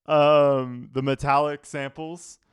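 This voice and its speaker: A man's voice: on the high side, fairly even intonation, slow, smooth, no room sound, studio quality. A man, a music producer, giving an enthusiastic, analytical reaction to an album in casual talk, often leaning on "like" as a filler.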